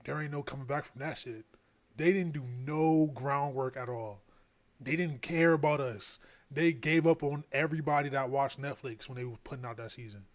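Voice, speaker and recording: A man's voice: medium pitch, moderate pace. A man reacting to a show in a casual, exasperated way, slangy and swearing. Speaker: show reviewer.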